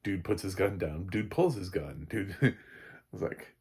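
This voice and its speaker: A man's voice: sits low, expressive, a little slow, darkish tone, slightly rough. A man casually reviewing an old movie, chatty and rambling, laughing often.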